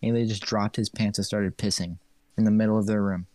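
A man's voice: fairly low pitch, fairly even intonation, fairly quick, darkish tone, dry recording. A young man in casual chat, laid-back, saying "dude" and "like" constantly and swearing.

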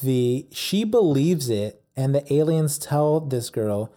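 A man's voice: on the high side, lively intonation, slow pace, hardly any pauses, mellow. A man casually retelling a story, rambling with lots of fillers. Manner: rambling, many fillers like "like" and "yada yada". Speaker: storyteller recapping a documentary. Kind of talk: casual chat.

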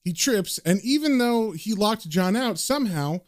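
A man's voice: high-pitched, lively intonation, a little slow, no echo, studio quality. A man casually recapping and reading a comic aloud, with loose filler words. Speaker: comic book reader and recapper.

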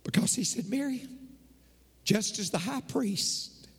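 A man's voice: sits high, expressive, slow, breathy edge, long reverb tail. A man preaching a sermon, acting out scripture dialogue with rising fervor. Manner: dramatic, acts out scripture dialogue, rising to fervent climax.

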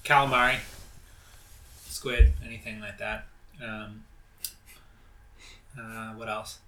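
A blunt, opinionated man chatting casually, swearing freely. His voice is bright and forceful. The room around him rings with echo. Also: fairly low pitch, little pitch movement, slow pace. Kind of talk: casual chat.

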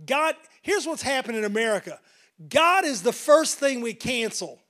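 A man's voice: extremely high pitch, very animated, normal speed, pushed and bright. A middle-aged pastor preaching a sermon earnestly, often repeating words as he builds emphasis.

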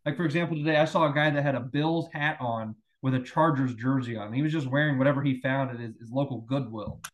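A man's voice: medium pitch, fast, dull audio. A man co-hosting a casual sports podcast, teasing and mock-lecturing.

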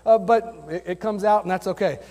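Man, youth pastor, high voice, earnest conversational sermon, long reverb. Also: steady tone, a little fast, warm tone. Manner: earnest, conversational preaching with personal stories. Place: church sanctuary.

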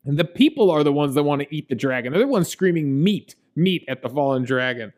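Chatty higher-voiced man reviewing a movie. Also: animated, quick pace, a little mellow. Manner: chatty, laughs often, many fillers. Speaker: podcast co-host. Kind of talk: casual movie review chat.

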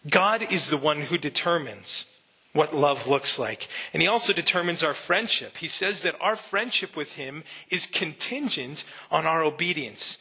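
A man's voice: on the high side, sharp tone, husky. A man preaching a sermon to his church, earnest and conversational, often restarting his sentences. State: emotional, near tears. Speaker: pastor. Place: church sanctuary.

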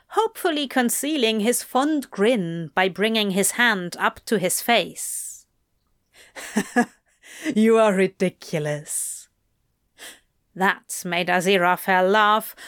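A woman slowly reading a romantic story aloud in an intimate tone. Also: mid-range voice, fairly bright tone. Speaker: reader. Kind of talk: reading fan fiction aloud.

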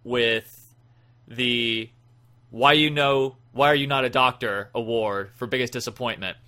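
A man's voice: mid-range voice, measured pace. A man hosting a casual gaming podcast, rambling and joking as he introduces topics. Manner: rambling, jokey, animated. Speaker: podcast host.

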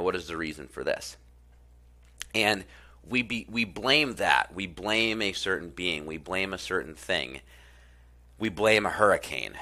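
A man's voice: sits low, bright, forceful tone. A man giving a casual, earnest talk on self-improvement, who retells a story and repeats his phrases with many fillers.

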